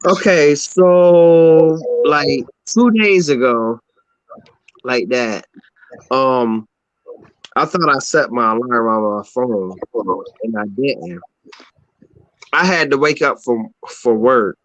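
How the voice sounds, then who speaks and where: A man telling a personal story in a casual group chat, slow and drawn out. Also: medium pitch, lively intonation, fairly bright tone, no echo, lo-fi sound.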